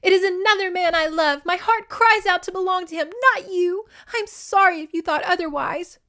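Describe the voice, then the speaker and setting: A woman doing a shrill, frantic teenage girl. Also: fast, pushed and bright, heavily acted. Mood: tearful. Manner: shrill, cursing protests. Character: indignant teenage girl, stubborn and lovesick.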